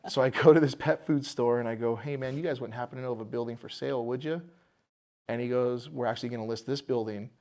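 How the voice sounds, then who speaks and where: Man telling a lively business story. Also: mid-range voice. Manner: animated storyteller acting out quoted voices. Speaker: bar owner, podcast guest. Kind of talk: casual storytelling interview.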